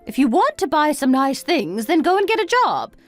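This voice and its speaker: A woman's voice: high-pitched, big pitch swings, soft background music. A woman playing an exasperated middle-aged mother who fires off complaining questions in a dramatized family story. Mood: dismissive. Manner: complaining, rapid-fire questions.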